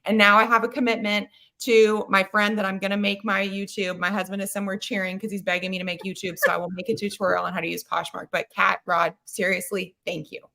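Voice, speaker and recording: Woman guest, gravelly but bright voice, all choked up and earnest. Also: mid-range voice, level tone, quick pace, few pauses. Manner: heartfelt, earnest thanks. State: emotional, close to tears. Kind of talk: casual live-stream chat.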